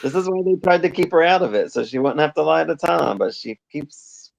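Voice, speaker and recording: A man's voice: fairly high pitch, lively intonation, fairly quick, vocal fry, no room sound. A man co-hosting a podcast, chatting casually about soap episodes, asking questions and acting out the characters. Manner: chatty, asks questions, acts out characters in quotes. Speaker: podcast co-host. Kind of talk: casual chat recapping a soap opera. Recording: dull lo-fi sound.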